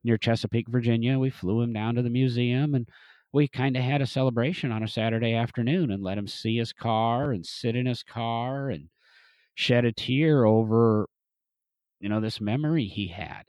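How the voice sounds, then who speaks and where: A man's voice: medium pitch, moderate pace, a little mellow, no echo. A man telling a long casual story about a car restoration, rambling with frequent restarts and fillers. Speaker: museum restoration specialist, podcast guest or host.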